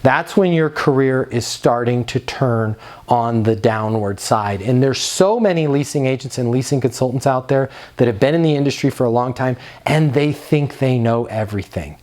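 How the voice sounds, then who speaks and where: A man's voice: medium pitch, expressive, normal speed, darkish tone. A man giving a motivational training talk to leasing agents, direct and emphatic, drawing out key words for stress.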